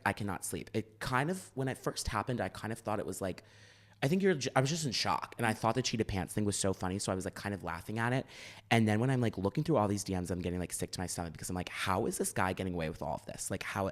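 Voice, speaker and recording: A young man, co-hosting a podcast and telling stories in casual chat, acting out the people he quotes. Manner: animated, acts out quotes with big shifts in pitch. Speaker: podcast co-host.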